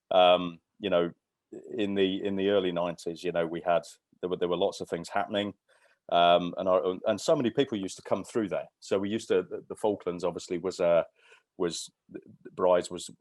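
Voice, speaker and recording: In a dry recording, a man in his fifties with a low, slightly mellow voice guests on a podcast. He shares anecdotes casually, rambling and restarting often with lots of fillers.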